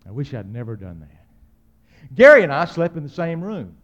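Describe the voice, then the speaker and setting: Middle-aged preacher guy with a high voice, goes big and loud then drops to a hush, funny storytelling sermon. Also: normal speed, muffled recording. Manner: animated, dramatic swings between loud and hushed.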